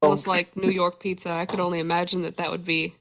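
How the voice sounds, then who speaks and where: A woman's voice: lowish voice, level tone, fast, fairly bright tone. A woman hosting a casual podcast chat, laughing often and swearing freely. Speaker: podcast host.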